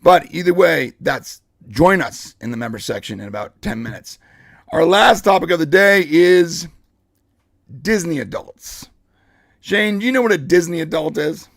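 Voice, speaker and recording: A man with a hoarse, husky edge and a gravelly rasp running a casual podcast. His voice sits a touch high for a man and sounds dry and close. He talks with easy excitement. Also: normal speed, dry recording. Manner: excitable, leads the topics. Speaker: podcast host. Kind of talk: casual live podcast chat.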